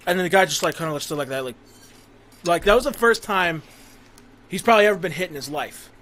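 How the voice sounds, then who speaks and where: A man's voice: high voice, animated, fast talker, a bit bright. A man hosting a casual podcast, telling a crude, rambling, profanity-heavy story. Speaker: podcast host.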